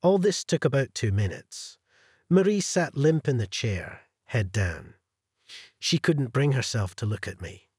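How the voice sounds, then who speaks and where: A man narrating a first-person revenge story in a cold, measured way, with a husky voice. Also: mid-range voice, very animated, a little mellow, no room sound, studio quality.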